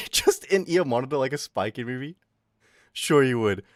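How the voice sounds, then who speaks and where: Male streamer, animated pitch, dry close-mic sound, rowdy chat reading. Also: moderate pace, dry recording. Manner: loud, swearing, swings from yelling to low mutters. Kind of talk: casual livestream chat with viewers.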